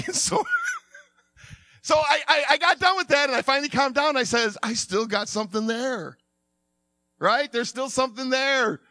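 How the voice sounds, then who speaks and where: A middle-aged man preaching through a personal story, animated, acting out his own voice, sometimes dropping low and quiet. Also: normal speed, pauses often, no room sound. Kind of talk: sermon told as a personal story.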